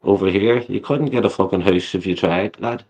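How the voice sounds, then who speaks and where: A man's voice: deep voice, moderate pace, darkish tone, muffled recording. A man in casual banter on a livestream, swearing often and repeating his own phrases. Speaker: livestream guest.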